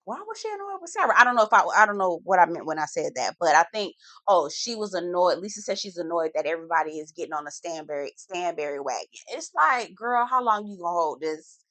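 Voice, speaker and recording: This TV recap reviewer speaks in a lowish register with no echo behind her. She's sassy and blunt, packing her reality show rundown with slang and stretching words out for lively effect.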